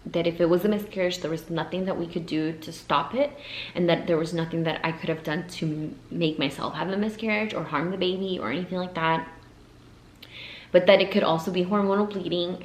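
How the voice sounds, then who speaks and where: A young woman telling a personal story to her viewers, emotional and halting, her voice sometimes dropping to a whisper. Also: fairly low pitch, slight background noise. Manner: emotional, pausing, voice breaking into whispers. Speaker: vlogger. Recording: echoey room, faint ambience.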